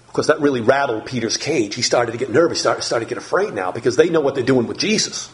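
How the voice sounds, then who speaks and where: A male pastor preaching a sermon in an animated, emphatic manner, dropping low and soft for prayer. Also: a little fast.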